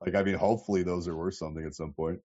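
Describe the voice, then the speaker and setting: A man's voice: low voice, fairly even intonation, rapid-fire, mellow, highs cut off. A man hosting a casual livestream, reading chat and rambling with lots of swearing and fillers. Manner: rambling, profane, many fillers.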